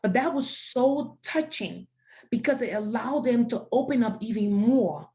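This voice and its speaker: A woman's voice: fairly high pitch, lively intonation, unhurried, dark tone. African-raised woman founder, earnest testimony, repeats lines like a preacher. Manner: earnest, declarative, preacher-like repetition. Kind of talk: interview answers, faith testimony.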